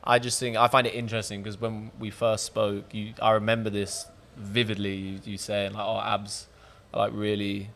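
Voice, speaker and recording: A man's voice: lowish voice, little pitch movement, normal speed, vocal fry, a bit bright, a little hiss or hum. Frank, jokey man hosting. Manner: frank, jokey, swears casually. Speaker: podcast host. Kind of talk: casual chat.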